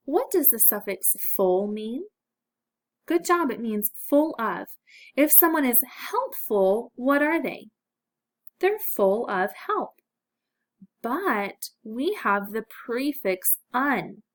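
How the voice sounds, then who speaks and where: Slow-speaking woman teaching phonics. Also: mid-range voice. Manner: slow, clear, encouraging teacher talk. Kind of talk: phonics lesson for children.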